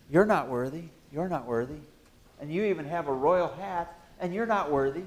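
A man preaching a sermon in church as pastor, joking with the congregation and breaking into sudden loud exclamations. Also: fairly high pitch. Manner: animated, jokey preaching with sudden loud bursts.

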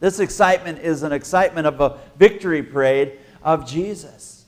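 A man preaching a sermon as pastor, emphatic, with halting restarts, swinging from soft asides to loud declarations. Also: on the high side.

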